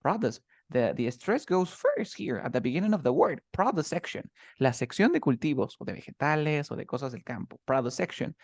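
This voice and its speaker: A man's voice: medium pitch, wildly swooping pitch, fast, hardly any pauses, no echo, clean studio sound. A man teaching English, patiently explaining words and stress while switching between English and Spanish. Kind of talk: bilingual English lesson.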